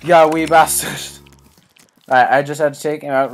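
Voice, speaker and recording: A man's voice: a little high, steady tone, normal speed, slight background noise. A man giving let's play commentary, rambling to himself and yelping at sudden scares. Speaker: gaming YouTuber.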